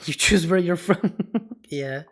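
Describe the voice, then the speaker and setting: A male streamer in casual livestream chat, talking in an unhurried drawl. He jokes and swears freely and drops mock snippets of other languages between laughs. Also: a little high, fairly bright tone. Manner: joking and profane, breaking into mock foreign phrases; laughs often between lines.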